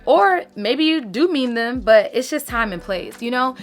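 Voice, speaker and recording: A woman's voice: fairly high pitch, expressive, unhurried, faint music behind. A woman, giving casual, emphatic advice to her followers as a lifestyle creator. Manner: chatty, emphatic, uses "sis" and "baby".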